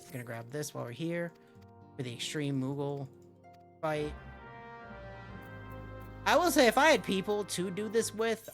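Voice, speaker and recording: A rambling, foul-mouthed game streamer talks casually through a live session, tripping over words and cutting themself off. Their pitch sits in an ordinary middle range. Faint music plays underneath. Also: fairly bright tone. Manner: profane, rambling, self-interrupting.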